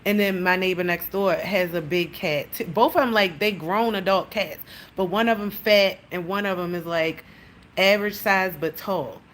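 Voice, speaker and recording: A woman's voice: on the low side, normal speed, fairly bright tone, a little hiss or hum. Woman rambling casually on a livestream. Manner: rambling, profane storytelling with lots of "like".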